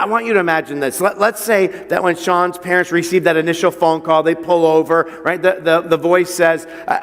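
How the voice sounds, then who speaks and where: Pastor preaching in a reverberant hall. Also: male voice, a little high. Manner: storytelling with repeated word restarts, rising to emphatic passages. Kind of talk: sermon. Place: church hall.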